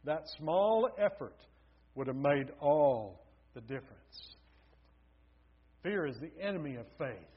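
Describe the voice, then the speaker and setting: A man's voice: on the high side, expressive, takes it slowly, long pauses, slightly rough. A man preaching a sermon, telling stories with building emphasis. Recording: dull lo-fi recording.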